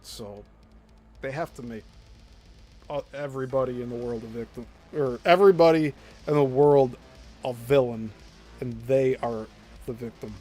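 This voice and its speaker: A man's voice: medium pitch, normal speed, long pauses, dark tone, faint music behind. A man with a Midwestern accent giving blunt, opinionated commentary, with some swearing. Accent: Midwestern American. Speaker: commentary host.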